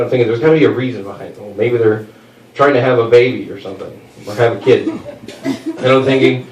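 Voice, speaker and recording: A man doing a stand-up comedy set, telling a story and jumping into high put-on voices for the people in it. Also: fast talker. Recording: roomy, distant mic with faint noise.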